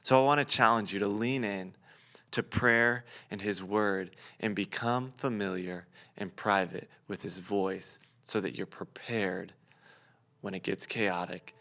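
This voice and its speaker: A young adult man giving a short devotional sermon, telling a personal story earnestly and easing into soft, quiet emphasis. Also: fairly low pitch, fairly even intonation, unhurried. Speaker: pastor.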